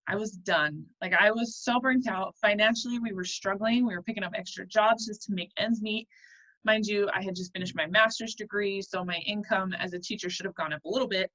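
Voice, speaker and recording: A woman's voice: medium pitch, pushed and bright. A woman in her thirties hosting a mastermind call, earnest and chatty, with lots of ums and uhs. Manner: earnest and chatty, with many fillers. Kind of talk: casual motivational talk. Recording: slightly dull, lo-fi call audio.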